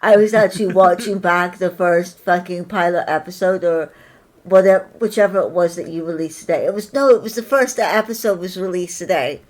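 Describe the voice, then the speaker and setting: Woman podcast host, lowish voice, gushing and cursing, casual chat. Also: a little fast, a little mellow. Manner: swears freely, effusive.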